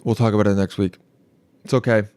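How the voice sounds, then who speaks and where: A man's voice: lowish voice, quick pace, smooth, dry recording. Rambling young man hosting a podcast. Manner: rambling, animated, swears casually, acts out quoted voices. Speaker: podcast host. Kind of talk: casual solo podcast storytelling. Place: studio.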